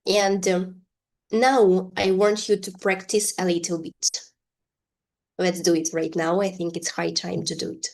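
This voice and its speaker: A woman teaching an English lesson, reading example sentences slowly and deliberately. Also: fairly low pitch, little pitch movement, vocal fry, darkish tone.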